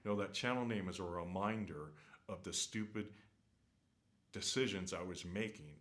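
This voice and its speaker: Low-voiced rambling man, unscripted vlog. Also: fairly bright tone. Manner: rambling, many fillers and restarts; earnest, opinionated. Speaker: travel vlogger. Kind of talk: casual unscripted rant. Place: hotel room.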